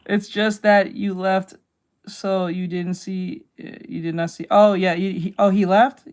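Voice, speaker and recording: A woman's voice: mid-range voice, flat delivery, a little slow, darkish tone. A woman streamer chatting casually while she draws, rambling and blunt, swearing freely and laughing often. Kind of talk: casual chat while drawing.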